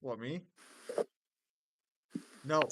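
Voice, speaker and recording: A man hosting a casual stream, chatting loosely and swearing, with sudden animated outbursts. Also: mid-range voice, very slow. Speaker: streamer host.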